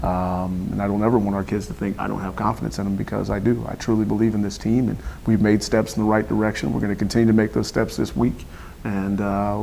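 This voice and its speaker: A man who is a football head coach, hoarse from yelling, talking earnestly in a radio sports interview with many fillers. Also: lowish voice, little pitch movement, quick pace, a little hiss or hum, rough recording. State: hoarse, lost his voice.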